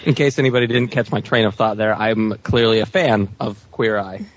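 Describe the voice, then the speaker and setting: A man's voice: on the low side, brisk, muffled recording. A man co-hosting a podcast in casual chat, joking dryly at his own expense. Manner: dry, self-deprecating joking. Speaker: podcast co-host.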